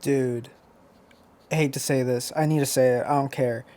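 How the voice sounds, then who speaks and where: A man's voice: mid-range voice, fairly even intonation, warm tone. A man co-hosting a casual chat, eager and a bit bossy, pushing the talk forward. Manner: eager, bossy, quick to hurry things along. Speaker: podcast co-host.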